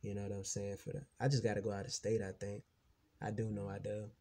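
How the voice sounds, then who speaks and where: A man's voice: fairly low pitch, monotone, fast talker, dark tone. A man venting in a rambling, profane monologue to his viewers, repeating himself and growing heated and emphatic. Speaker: vlogger.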